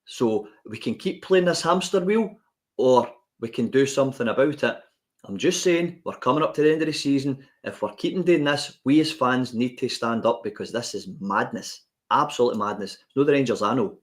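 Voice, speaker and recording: A man's voice: mid-range voice, animated, normal speed. A man with a Scottish accent, co-hosting a podcast and ranting with passion in casual chat. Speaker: podcast co-host.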